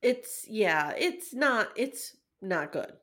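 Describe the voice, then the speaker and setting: A woman co-hosting a podcast in casual chat, easygoing and quick to laugh. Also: medium pitch, big pitch swings, fairly bright tone. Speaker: podcast co-host.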